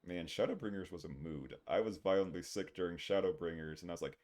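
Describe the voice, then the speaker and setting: A man's voice: low-pitched, quick pace, few pauses, darkish tone. A male streamer giving casual, rambling gaming commentary into a desk microphone, laughing often.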